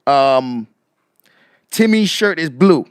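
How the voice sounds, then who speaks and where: A man streaming casual commentary in a fairly high, very lively voice that swings up and down. He keeps firing the same rhetorical question at his viewers and breaks off to shout out chat members. The sound is close and dry, with no room around it. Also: slow pace, clear, resonant tone, no echo.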